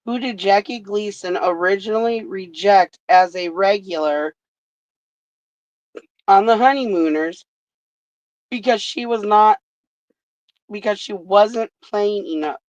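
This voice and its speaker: Slow-talking woman hosting a trivia stream. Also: mid-range voice, a little mellow, no room sound. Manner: reads questions slowly, swears freely. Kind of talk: casual trivia stream chat. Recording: dull lo-fi stream audio.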